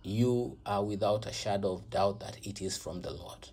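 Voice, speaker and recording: A man leads a devotional reflection and prayer in an earnest, repetitive way, now and then falling to a whisper. His voice is mellow and warm in tone. It has a husky, breathy edge. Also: lowish voice, moderate pace. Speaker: prayer leader.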